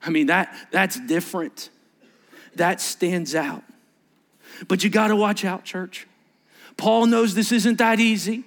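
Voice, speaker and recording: A middle-aged man preaching a sermon as pastor, telling stories with voiced quotes and dropping to a hushed near-whisper for emphasis. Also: high voice, slow pace, long pauses. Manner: animated storytelling with voiced quotes and asides.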